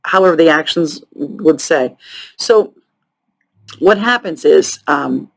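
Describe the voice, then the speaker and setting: A woman's voice: low voice, lively intonation, gravelly, low-quality recording. Sarcastic, chatty woman telling true crime. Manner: chatty, profane and sarcastic asides; halting, many ums and restarts. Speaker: true crime podcast host. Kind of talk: casual true crime storytelling.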